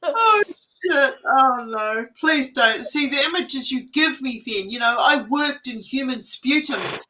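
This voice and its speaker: A woman chatting casually on a livestream from home, animated and quick to laugh, swearing now and then. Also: sits high, poor audio. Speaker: co-host of a spiritual livestream. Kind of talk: casual chat.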